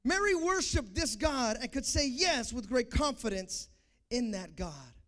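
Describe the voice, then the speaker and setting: A young man preaching a sermon, swinging from fervent shouted calls to the congregation to quiet, confessional stories. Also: extremely high pitch, sing-song, a little slow. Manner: impassioned, builds to shouting, then quiet and confessional.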